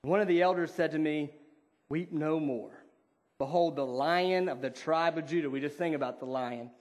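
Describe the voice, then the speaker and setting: Male pastor, somewhat high voice, earnest conversational sermon, slow deliberate scripture reading. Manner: earnest, conversational preaching with fillers.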